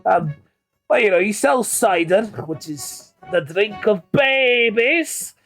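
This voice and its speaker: A man putting on a gruff old barwoman. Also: sits high, animated, slow, fairly bright tone, faint music behind, exaggerated voice. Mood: brusque. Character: gruff old female barkeep, blunt and coarse.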